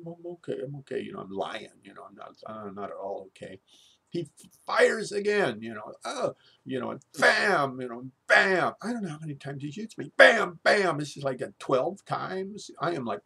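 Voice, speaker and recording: A man's voice: medium pitch, gravelly, pushed and bright, breathy edge. A middle-aged man telling a personal story in a rambling, conversational way, with many asides and fillers.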